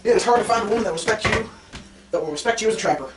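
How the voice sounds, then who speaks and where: A man's voice: sits high, racing, noisy background. A young man, a trapper, casually telling a story to his viewers, rambling and correcting himself as he goes. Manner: rambling, self-correcting, addresses viewers directly. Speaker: trapper vlogger. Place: fur shed. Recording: echoey shed, voice from far off.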